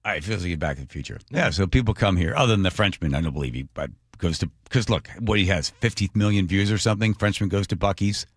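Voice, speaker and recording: A man's voice: low voice, animated, fast, few pauses, dry recording. A man hosting a talk radio show, rambling and joking in casual banter.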